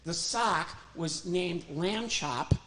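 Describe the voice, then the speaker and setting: A man's voice: high voice, slow pace, background noise. A man doing family stand-up comedy as a ventriloquist, chatty, playful and self-deprecating.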